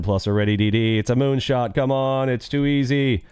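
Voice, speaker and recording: A man's voice: medium pitch, normal speed, darkish tone, smooth, dry recording, studio quality. A man live-streaming his day trading, upbeat and quizzing his viewers with catchphrases.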